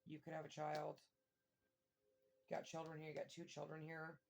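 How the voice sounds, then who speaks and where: Excitable woman with a gravelly voice reading tarot. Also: sits low, normal speed. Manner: excitable, exclaims and swears, thinks aloud. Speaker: tarot reader. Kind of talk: casual tarot reading to camera.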